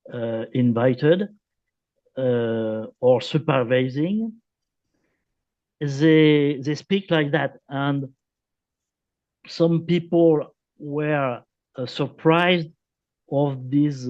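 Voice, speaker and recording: A man, a guest author explaining at length in an interview, halting with many fillers and repeated phrases. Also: on the high side, highs cut off. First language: French. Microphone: video call.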